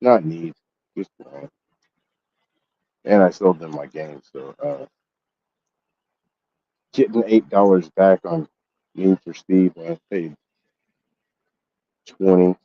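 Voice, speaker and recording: Gaming YouTuber, male, deep voice, exasperated and profane, dry close recording. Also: takes it slowly, long pauses, dry recording, muffled recording. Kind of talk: casual storytelling vlog.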